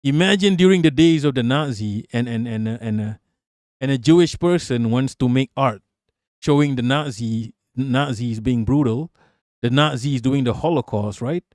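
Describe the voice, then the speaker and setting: A man's voice: medium pitch, moderate pace, a little mellow, no echo, studio quality. A man giving a heated, profane live-stream rant, often repeating words as he pushes on.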